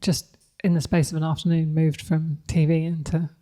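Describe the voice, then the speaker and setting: A woman's voice: low voice, little pitch movement, normal speed, mellow. A woman, speaking candidly and reflectively as a podcast guest, laughing often. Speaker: guest, company CEO. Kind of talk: podcast interview conversation.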